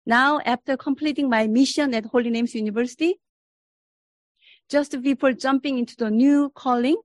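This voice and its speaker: A woman's voice: on the high side, dry recording. A woman from Korea giving a formal, reflective spiritual presentation as a professor. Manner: earnest and reflective, deliberate delivery.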